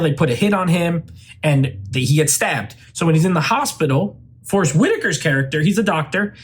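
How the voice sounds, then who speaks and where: A man hosting his own channel, giving a loose, rambling spoken movie review full of "like" and "uh" fillers. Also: on the high side. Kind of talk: casual spoken film review.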